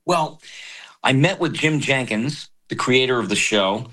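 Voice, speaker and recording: An older man, a voice actor, talking in an interview in a reflective, halting way with many fillers. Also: medium pitch, lively intonation, bright, forceful tone. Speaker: voice actor guest. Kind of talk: casual interview talk.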